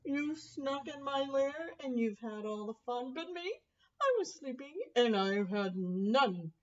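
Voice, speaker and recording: A woman's voice: high voice, expressive, slow pace, highs cut off. A woman voicing a big, grumpy bear who feels left out, in a storybook read-aloud, with a whiny, sulky complaint.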